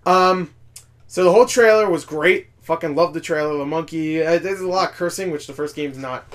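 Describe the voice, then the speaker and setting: An excitable young man talks through a gaming event in casual chat, swearing freely and laughing often. His voice sits slightly high for a man. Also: fairly quick. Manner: profane, excitable, laughs a lot. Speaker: podcast host.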